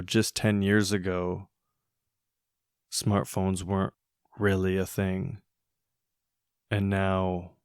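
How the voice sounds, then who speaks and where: A man hosting a solo podcast, thinking aloud in a musing, hesitant way with many pauses and restarts. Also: lowish voice, smooth, no echo, clean studio sound. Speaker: podcast host. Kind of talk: reflective solo podcast monologue.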